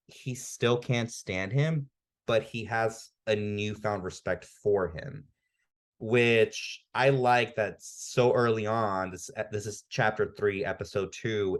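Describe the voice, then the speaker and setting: A fairly low-pitched male voice, relaxed and conversational. He co-hosts a podcast and walks through a story's events with eager, filler-heavy chatter. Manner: enthusiastic, frequent "like" fillers. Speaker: podcast co-host. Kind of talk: casual recap and review.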